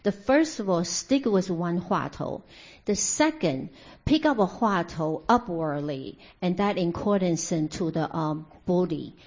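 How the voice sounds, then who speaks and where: A woman's voice: on the low side, expressive, a little slow, a little mellow. A woman interpreting a meditation teaching into English, hesitant and full of fillers and restarts. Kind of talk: consecutive interpreting of a dharma talk. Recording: dull lo-fi recording.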